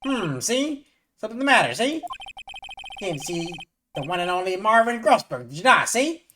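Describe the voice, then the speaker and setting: A woman voicing a pompous older male lawyer who tacks "see?" onto his sentences, in a loud, high, swinging voice. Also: very animated, normal speed, background noise, close to an everyday voice. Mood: blustery. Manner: ends sentences with a gangster-like "see?". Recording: game music underneath.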